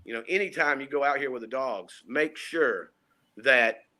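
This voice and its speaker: A man co-hosting a podcast from home, telling a casual story, animated and full of fillers, acting out what people said. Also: mid-range voice, normal speed. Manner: animated, acts out quotes, frequent fillers. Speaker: podcast co-host. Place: home, remote call.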